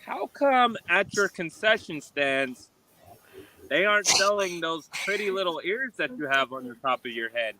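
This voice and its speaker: A man's voice: high voice, animated, moderate pace, pushed and bright, slight background noise, rough recording. A man guest on a video call, delivering a bombastic, repetitive showman promo. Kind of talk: wrestling promo.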